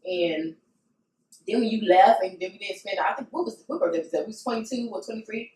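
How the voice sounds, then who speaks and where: A woman co-hosting a podcast in casual chat, telling personal stories in an expressive, animated way. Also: medium pitch, a little fast. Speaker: podcast co-host. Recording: roomy sound, mic at a distance.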